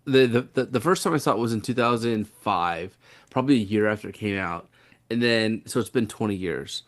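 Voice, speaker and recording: A man's voice: lowish voice, lively intonation, a little fast. A man co-hosting a podcast, talking in a joking, playful and emphatic way. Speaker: podcast co-host. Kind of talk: casual podcast chat.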